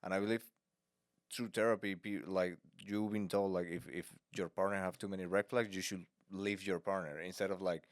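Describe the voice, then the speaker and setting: Guy on a podcast w a low voice, animated, laughs a lot, dry close mic. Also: normal speed, no room sound. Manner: animated storyteller, laughs often, slightly non-native grammar. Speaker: podcast co-host. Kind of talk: casual chat.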